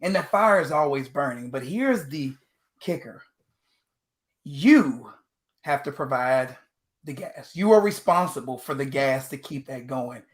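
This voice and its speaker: A man from Texas giving an energetic motivational talk as a guest speaker on a video call panel. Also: mid-range voice, a little slow. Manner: energetic, preacher-like delivery.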